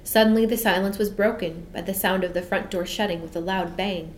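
A woman reads a classic children's story aloud, steady and expressive, in a middling voice. A faint hiss sits under the reading. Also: medium pitch, rough recording. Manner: measured and expressive. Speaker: audiobook narrator.

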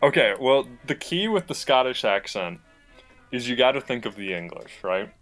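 A man's voice: medium pitch, big pitch swings, normal speed, fairly bright tone, soft background music. A man co-hosting a podcast in casual chat, playful and hesitant, laughing often. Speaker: podcast co-host.

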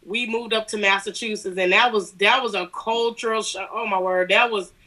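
Bright-voiced Southern woman. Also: medium pitch, normal speed, rough recording. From Alabama. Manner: lively, laughing storyteller. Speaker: guest. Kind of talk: casual interview chat.

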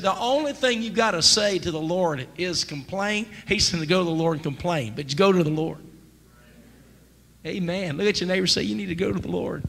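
A man preaching a sermon as pastor, emphatic and rising to near-shouts. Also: high voice, creaky. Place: church sanctuary. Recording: church sanctuary with long reverb, faint noise.

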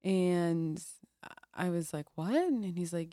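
A woman with a somewhat low voice tells her personal story to an interviewer in a candid, conversational way. She restarts her sentences and often drops soft and quiet. Her voice sounds close and dry, with no room echo. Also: animated, slow. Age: adult. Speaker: podcast guest, Air Force officer.

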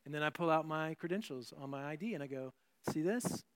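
A man with a somewhat high-pitched voice delivers a sermon in a loose, conversational way. He often restarts his phrases and breaks off into asides as he talks to the congregation. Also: quick pace, smooth. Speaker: pastor.

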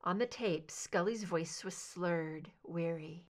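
A woman's voice: on the low side, slow pace. Woman reading a fan fiction story. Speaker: audiobook reader.

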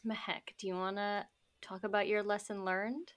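A woman's voice: medium pitch, little pitch movement, normal speed. A woman co-hosting a podcast, speaking casually with some hesitation and moving the talk along. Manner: warm, hesitant with fillers, steering to next segment. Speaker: podcast co-host.

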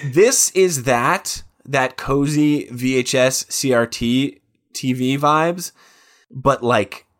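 A man in his thirties co-hosting a casual podcast, his voice sitting at an ordinary middle pitch. He rambles through his stories and keeps acting out quotes from other people. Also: slow. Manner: rambling, animated storytelling with quoted asides. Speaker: podcast co-host. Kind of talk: casual chat.

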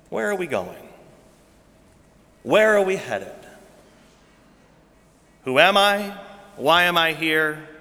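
A man preaching a sermon as pastor, repeating rhetorical questions and swinging between hushed, soft lines and loud, emphatic ones. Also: mid-range voice, big-room sound.

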